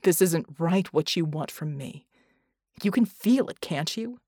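A woman's voice: lowish voice, animated, a little slow, dark tone, slightly rough, no echo, studio quality. A woman voicing a fierce, anguished young woman fighter who snarls and then drops to a choked whisper, in an audiobook.

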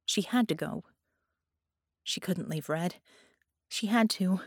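A woman narrating an audiobook in measured, dramatic storytelling. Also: lowish voice, a little mellow, breathy edge, dry recording, studio quality.

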